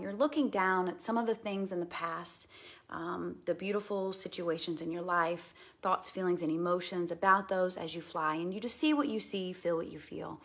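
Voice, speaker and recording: A woman talks to her live viewers with a husky, breathy voice pitched a little low. She gushes and repeats herself, then turns slow and soft when she recounts a meditation. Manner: gushing and heartfelt, repeats words. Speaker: live video host sharing personal experiences. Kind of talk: casual live-stream monologue.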